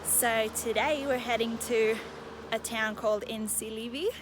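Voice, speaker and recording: A woman's voice: fairly high pitch, steady tone, unhurried, noisy background. Chatty young woman vlogging outdoors. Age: young adult. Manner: chatty, breathless from hiking. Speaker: travel vlogger. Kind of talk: casual vlog to camera. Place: outdoors on a mountain trail.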